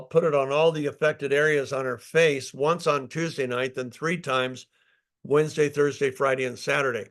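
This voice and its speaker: An older man with a gravelly, creaky voice pitched a little high tells stories and explains his product. He is emphatic, piles on fillers and restarts himself often, like a founder talking live to an audience. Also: a bit bright. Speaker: company founder.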